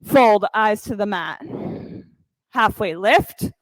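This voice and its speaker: A woman teaching a yoga class, calmly counting breaths and cueing poses with encouragement. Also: mid-range voice, takes it slowly, no echo, poor audio. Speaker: yoga instructor. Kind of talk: guided yoga class cues.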